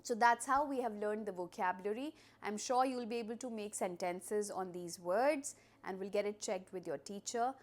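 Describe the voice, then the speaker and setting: A woman's voice: mid-range voice, moderate pace, hardly any pauses. A woman gives a recorded vocabulary lesson to young pupils. She explains each word through repeated everyday examples and leads call-and-response drills. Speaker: English teacher.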